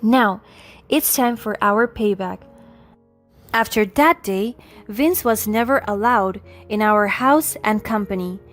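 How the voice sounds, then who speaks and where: A woman's voice: mid-range voice, slow. A woman narrating a first-person story in a cool, matter-of-fact way over faint music.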